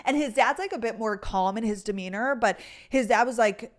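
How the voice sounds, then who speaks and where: A woman's voice: a little high, fairly quick, few pauses. A young woman vlogger telling a rambling story to her viewers, with lots of filler words and swearing. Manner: rambling, chatty, full of "like" and cursing. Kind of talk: casual storytelling to camera.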